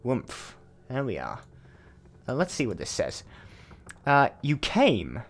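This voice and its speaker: A man's voice: mid-range voice, huge pitch swings, slow pace. A man with an Australian accent giving casual let's-play commentary, rambling and thinking aloud with many fillers. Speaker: gaming channel host.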